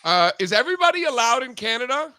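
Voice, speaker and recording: A man's voice: very high-pitched, big pitch swings, fast, sharp tone, smooth, no echo. A man hosting a casual market talk show, chatting and joking with lots of fillers. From Cuban background. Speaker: show host.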